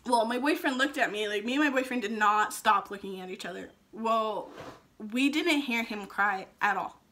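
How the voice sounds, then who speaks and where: A young woman, a vlogger and new mother, retells her labor and delivery in a casual storytelling vlog, chatty and emotional with frequent ums. Her fairly high voice moves at normal speed and sounds pushed and bright, with a little hiss or hum in the recording.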